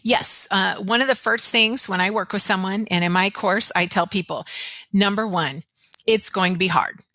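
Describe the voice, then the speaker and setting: Woman in her 40s, bright tone, dry close sound, earnest podcast guest. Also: mid-range voice, normal speed, no echo. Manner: earnest, open storytelling. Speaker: guest, weight loss coach. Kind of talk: podcast interview.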